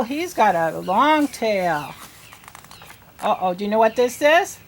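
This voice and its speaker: A woman teaching children to read, sounding out letters and words slowly and asking them questions in an encouraging way. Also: medium pitch, big pitch swings, a little hiss or hum. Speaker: reading teacher. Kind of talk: early reading lesson.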